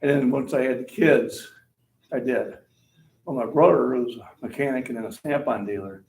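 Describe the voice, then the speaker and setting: A man in his forties hosting a relaxed, talkative gym chat, reading comments aloud. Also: medium pitch, moderate pace, creaky, husky, rough recording. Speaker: host. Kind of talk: casual chat on a livestream.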